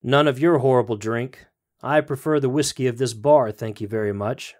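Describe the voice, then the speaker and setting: A man's voice: medium pitch, normal speed, darkish tone, natural voice. Smug teasing trickster, stingy and sly, voiced by a man, storybook reading.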